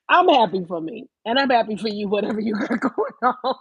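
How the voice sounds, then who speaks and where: A woman ranting on a live stream, profane, animated and emphatic. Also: on the high side, slightly rough, no room sound, phone-quality sound. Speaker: vlogger.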